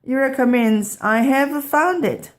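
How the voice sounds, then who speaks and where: A woman's voice: high-pitched, a little slow, pitched above the performer's own voice. A woman voicing a fussy, learned male professor in a children's storybook read-aloud, lecturing and correcting.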